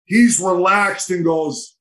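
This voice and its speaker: An older man spins rambling hockey road stories as a podcast guest, acting out the dialogue with lively energy. His voice sits a little high for a man. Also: slow, poor audio. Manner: animated, rambling anecdotes with quoted dialogue. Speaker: retired hockey player, guest. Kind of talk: storytelling in a podcast interview.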